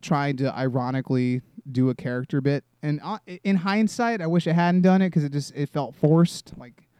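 A man's voice: on the high side, moderate pace, a little mellow, clear, resonant tone, no room sound. A man in his twenties hosting a solo comedy podcast, rambling and self-deprecating, swearing often and restarting his sentences. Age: 20s. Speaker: podcast host.

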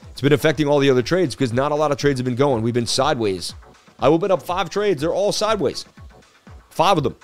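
A man's voice: fairly high pitch, lively intonation, quick pace, soft background music. A middle-aged man hosting a casual crypto live stream, chatty, with a sports-presenter delivery. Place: traveling.

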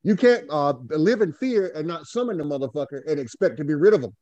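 A man's voice: fairly high pitch, lively intonation, a little fast, warm tone, dry recording, dull audio. A man hosting a casual discussion, emphatic and profane, hammering points home by repeating words. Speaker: podcast host.

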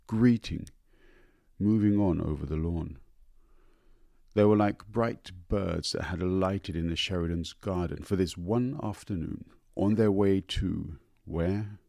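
A man narrating an audiobook of a short story in a measured, unhurried manner. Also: low voice, gravelly, dark tone, no echo, clean studio sound.

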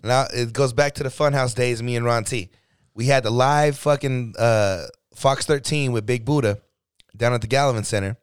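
Smooth-voiced laid-back podcast guy. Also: medium pitch, normal speed, no room sound, clean studio sound. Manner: laid-back, slangy, eases into stories. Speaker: podcast co-host. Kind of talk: casual chat.

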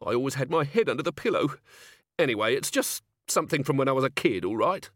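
A man's voice: medium pitch, lively intonation, quick pace, a bit bright, no room sound, clean studio sound, voice pushed up. A man voicing a frightened male thug who stammers and quavers with dread. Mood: shaken. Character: terrified jittery male thug haunted by a childhood fear.

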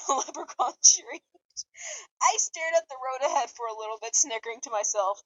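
Giggly high-voiced woman reading fanfiction. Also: animated, normal speed, lo-fi sound. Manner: giggly, stumbling over words. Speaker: podcast co-host.

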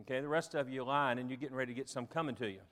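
A man's voice: mid-range voice, fairly even intonation, very fast, a bit bright. A man, a pastor giving a sermon in a folksy, humorous storytelling manner. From Southern United States.

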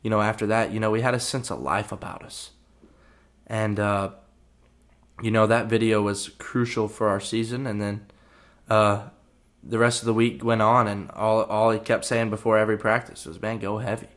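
A young college football player talks through a story on his own podcast. His voice sits a little low, and his delivery is loose and conversational. He leans on "you know" and "uh" as he goes. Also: normal speed. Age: young adult. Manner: relaxed, rambling, full of "you know" and "uh" fillers. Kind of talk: casual storytelling.

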